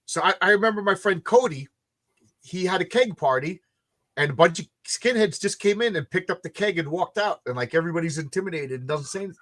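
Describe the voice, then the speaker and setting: A tired man with a fairly high voice tells stories in a loose, rambling way, restarting his sentences and repeating words. He talks casually, as if chatting late at night with friends. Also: lively intonation, quick pace, fairly bright tone. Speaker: comic book creator hosting a launch stream.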